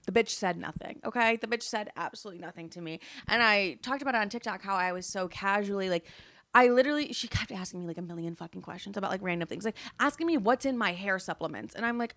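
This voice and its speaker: A young woman in her twenties hosting a casual solo podcast from her apartment, chatty and dramatic, swearing freely, a bit tired and low on energy. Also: brisk, a bit bright. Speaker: podcast host. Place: her apartment, construction noise outside.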